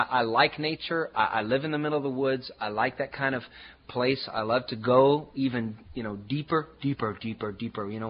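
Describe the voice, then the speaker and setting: Emphatic male preacher, lo-fi sound. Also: medium pitch. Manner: emphatic, repeats phrases, swings from loud to hushed. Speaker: pastor. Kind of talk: sermon.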